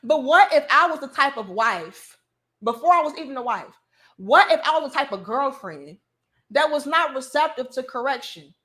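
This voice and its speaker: A woman's voice: high voice, expressive, moderate pace, pushed and bright. A woman, hosting an emphatic, preachy opinion monologue. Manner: emphatic, preachy, acts out quoted voices. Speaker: commentary show host.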